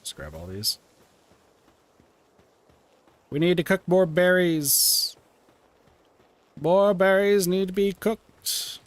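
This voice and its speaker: A man's voice: high voice, animated, slow, no room sound. A man streaming a game, chatting to himself and talking to the creatures he catches. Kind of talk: casual gaming livestream.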